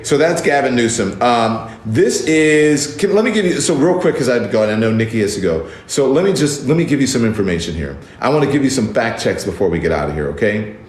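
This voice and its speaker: A man talks straight to his viewers in casual commentary, indignant and emphatic, hammering the same words again and again. His voice sits a little low, and the room around him rings with a noticeable echo. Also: darkish tone. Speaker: news commentator and show host. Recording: roomy echo.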